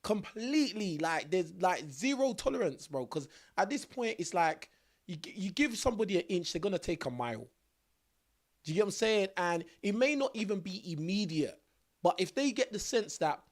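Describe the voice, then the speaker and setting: A man with a fairly high voice hosts a casual podcast chat. He talks forcefully and uses casual slang. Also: big pitch swings, moderate pace.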